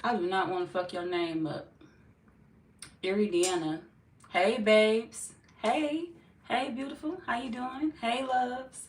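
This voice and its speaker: A woman, slightly hoarse, chatting casually on a live stream as a tarot reader, greeting viewers by name and swearing freely. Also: a little high, slow. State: slightly hoarse, feels she is losing her voice. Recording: echoey room, far from mic, faint noise.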